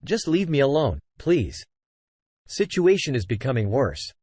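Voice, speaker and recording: A man's voice: mid-range voice, huge pitch swings, measured pace, darkish tone, no echo. A man voicing his young wife in a story, quoting her curt, defensive replies. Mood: tearful. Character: worried young wife, tearful and snappy.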